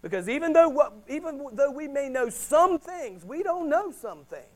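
A middle-aged man preaching a sermon as a pastor, swinging between hushed and loud delivery. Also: very high-pitched, very animated, moderate pace, poor audio.

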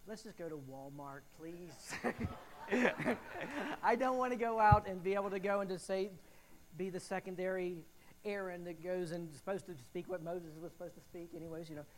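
A man's voice: high-pitched, moderate pace, rough recording. A man, a pastor, chiming in during a sermon with joking, self-deprecating asides.

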